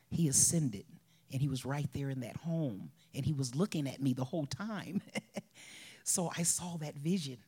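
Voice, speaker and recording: A woman, a bereaved mother, telling her personal testimony in an emotional way, often sinking to a soft whisper. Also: low-pitched, slightly rough. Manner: emotional, drops to soft whispers, breaks into laughs.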